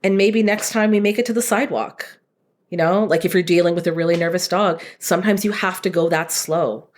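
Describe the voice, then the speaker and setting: A woman guest talking about dog training in casual chat, explaining patiently with animated asides and laughs. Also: lowish voice, brisk.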